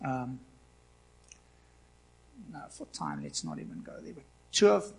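A man in his forties preaching a sermon with passion, swinging between loud emphasis and quiet asides. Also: medium pitch, huge pitch swings, unhurried, creaky, slightly rough. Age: 40s. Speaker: pastor.

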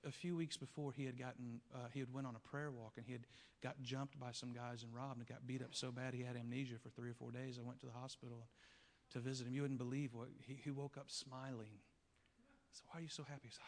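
A man pastor preaching a sermon, telling a story with acted-out voices and building to loud peaks. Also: mid-range voice. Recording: long reverb of a large hall.

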